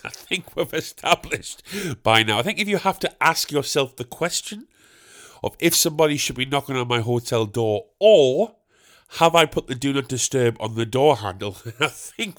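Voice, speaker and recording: A young man spins a comic anecdote for his podcast in an animated, self-assured style. His voice sits at a middle pitch, and he builds toward exasperated, punchy outbursts. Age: young adult. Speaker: podcast host. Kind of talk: comic storytelling.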